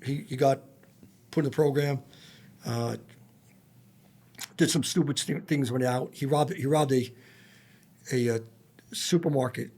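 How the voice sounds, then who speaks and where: A man's voice: medium pitch, unhurried, long pauses, a little mellow, slightly rough. A man, a former federal agent, telling blunt and profane stories full of quoted dialogue as a podcast guest. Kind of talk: storytelling in a casual interview.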